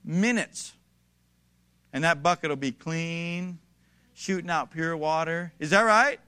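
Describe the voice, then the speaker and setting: A man's voice: fairly high pitch, slow, bright, forceful tone, clear, resonant tone. A man preaching a sermon, emphatic and building to raised declarations, addressing his congregation directly. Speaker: pastor.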